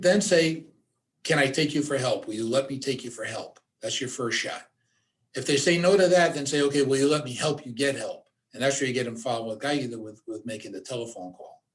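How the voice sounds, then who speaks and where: A man teaching a suicide awareness workshop, giving direct instructions and repeating his key points for emphasis. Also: a little high. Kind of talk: workshop presentation.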